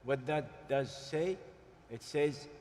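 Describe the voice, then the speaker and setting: A man speaking on a forum panel, deliberate and emphatic, pausing often with hesitations. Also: medium pitch, darkish tone, slight background noise. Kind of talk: panel discussion. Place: large conference hall. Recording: hall reverb, faint ambience.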